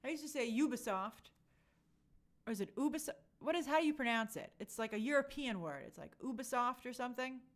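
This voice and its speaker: Animated woman hosting a live chat. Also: fairly high pitch, rapid-fire, hardly any pauses. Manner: animated, reads chat aloud, jumps into put-on quotes. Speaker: livestream host. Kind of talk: casual live-stream chat.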